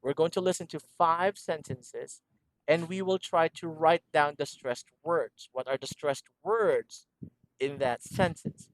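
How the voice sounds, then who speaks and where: A man's voice: a little high, a little slow, no echo. A man teaching a one-on-one English lesson over a video call, patiently repeating instructions and laughing often. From Philippines.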